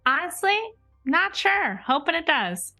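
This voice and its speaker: A woman playing in a tabletop role-playing game, chatty and animated, often laughing and apologizing. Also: extremely high pitch, measured pace, dry recording, soft background music. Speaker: player. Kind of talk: casual tabletop play and chat.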